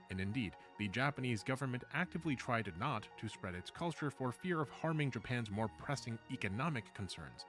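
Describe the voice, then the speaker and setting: A man giving scripted video-essay narration in a measured way, with dry, wry asides. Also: mid-range voice.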